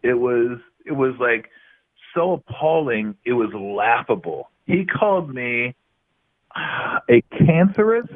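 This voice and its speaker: A middle-aged man trades laugh-filled stories as a guest on a talk show. His voice sits at an ordinary pitch. It comes through a narrow, tinny phone-style line, as if he is calling in remotely. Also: unhurried. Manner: animated, laughing anecdotes. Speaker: guest, former basketball player. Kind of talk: casual storytelling interview.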